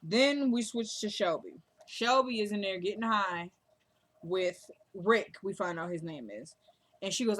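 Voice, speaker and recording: A woman with a mid-range voice loosely and chattily recaps an episode of a TV drama. As she tells the story, she keeps slipping into the characters' dialogue with quick quoted asides.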